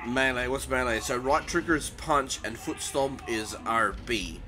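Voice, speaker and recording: A man's voice: medium pitch, measured pace. Jittery man narrating a horror game. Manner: easily frightened, nervous exclamations while playing. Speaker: gaming channel host. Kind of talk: let's play commentary. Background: game music.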